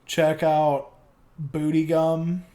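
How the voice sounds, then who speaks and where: A young man chatting casually as a guest on a podcast. He rambles and fills his speech with "like" and swearing, in a voice a little higher than most men's. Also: little pitch movement, drawn-out words, dark tone. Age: young adult. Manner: rambling, loaded with fillers like "like" and swearing. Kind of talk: casual chat.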